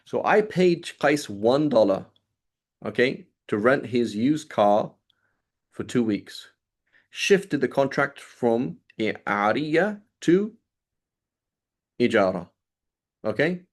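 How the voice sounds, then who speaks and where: A man's voice: mid-range voice, animated, slow, long pauses. Man teaching Islamic law conversationally. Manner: conversational, illustrates points with quoted dialogue and rhetorical "right?". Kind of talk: casual lecture with anecdotes.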